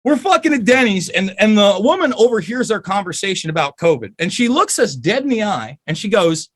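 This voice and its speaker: Casting: high, very animated male voice, furious and swearing, podcast guest rant. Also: fairly quick, hardly any pauses. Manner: angry, profane, emphatic.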